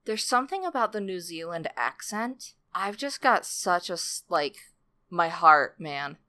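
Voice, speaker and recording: A woman's voice: fairly low pitch, very animated, unhurried, pushed and bright. A young woman chatting casually as a podcast co-host, playful and enthusiastic. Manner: playful, enthusiastic, trails off into laughs. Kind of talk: casual chat.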